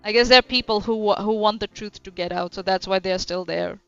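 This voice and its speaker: A woman's voice: medium pitch, brisk, vocal fry, clean tone. A woman streaming casual reaction commentary, blunt and sarcastic, swearing freely. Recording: dull lo-fi stream audio with faint music.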